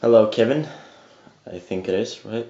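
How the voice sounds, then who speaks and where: A young man says he just woke up, then gives a rambling, casual tutorial on harsh singing, full of fillers, restarts and some swearing. This vocal tutor has a lowish, warm voice at a moderate pace. His echoey, lo-fi home webcam audio carries it.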